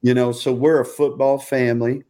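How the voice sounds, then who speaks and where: Older ex-coach, chatty guest, jovial anecdotes, mid-pitched voice. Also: male voice, little pitch movement, moderate pace, warm tone. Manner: laughs often, acts out quotes in a higher voice. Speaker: former football coach, guest. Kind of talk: casual podcast chat, storytelling.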